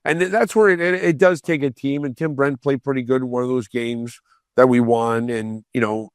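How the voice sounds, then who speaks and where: A man, a former pro hockey player, telling profane, animated stories as a podcast guest and acting out other people's voices. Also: mid-range voice, normal speed, smooth, no echo, clean studio sound. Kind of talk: casual storytelling on a podcast.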